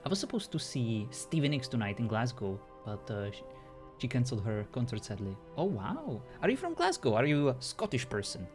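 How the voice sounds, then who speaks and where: A man's voice: medium pitch, sing-song, brisk, soft background music. A European man chatting casually with viewers as a streamer, laughing often and joking around.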